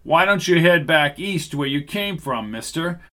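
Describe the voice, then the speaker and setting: A man voices a broad-shouldered farmer defending his daughter in an audiobook. His voice is clear, well enunciated and slightly high. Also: lively intonation, measured pace, sharp tone. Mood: angry. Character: broad-shouldered farmer father, protective and angry.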